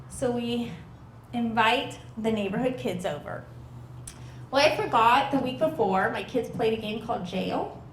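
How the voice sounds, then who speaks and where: A woman's voice: on the high side, normal speed, reverberant, slight background noise. A woman doing stand-up comedy at a backyard show, telling stories and acting out the people in them with voice changes. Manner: animated, acts out quoted people with voice changes.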